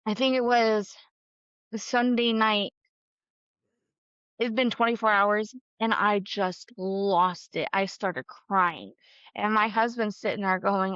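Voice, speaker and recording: A woman's voice: medium pitch, fairly even intonation, slow pace, a bit bright, clean tone, no echo, dull audio. A woman talking candidly and emotionally as a podcast guest, with fillers and the odd laugh. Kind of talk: casual conversation.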